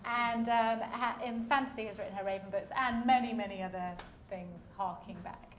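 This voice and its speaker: Woman moderator on a festival stage, quick and chatty, slightly high voice, roomy hall sound. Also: steady tone, slight background noise. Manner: fast-talking, chatty, laughs often. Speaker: panel chair. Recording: echoey hall, faint ambience.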